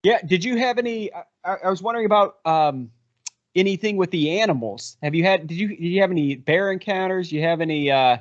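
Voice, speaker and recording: A man's voice: sits high, fairly quick. A man hosting an interview, putting in short remarks and clarifying questions. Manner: brief backchannels and clarifying questions. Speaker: interview host. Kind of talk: casual interview chat. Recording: dull lo-fi sound.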